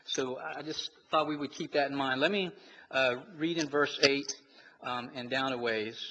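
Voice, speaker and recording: A man's voice: medium pitch, moderate pace, bright, forceful tone, highs cut off. A man preaching a sermon in a church, reading scripture and explaining it with many restarts and fillers. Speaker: pastor. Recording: long reverb, faint noise.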